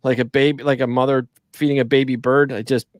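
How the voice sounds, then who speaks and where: A man hosting a casual online chat who tells stories in an animated way, acting out the dialogue and laughing often. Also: mid-range voice, fast talker, dry recording. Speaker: podcast host. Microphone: video call.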